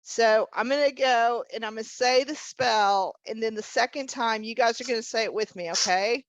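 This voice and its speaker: A woman's voice: on the high side, normal speed, dry recording, rough recording. A woman teaching a witchcraft class over a video call, patiently walking a group through a spell chant step by step. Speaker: witchcraft instructor.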